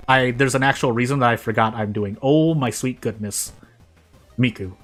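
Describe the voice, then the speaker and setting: A man streaming a video game, talking through his choices out loud and often stopping to restart or correct his sentences. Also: medium pitch. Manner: thinks aloud, often restarts and corrects himself mid-sentence. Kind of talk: live gameplay commentary.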